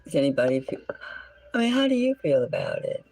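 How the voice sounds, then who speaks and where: A tarot reader who hosts a channel gives a solo reading in a very animated, fairly quick voice of medium pitch and darkish tone. She muses aloud, often slipping into a whisper and pausing to correct her words, on a rough recording.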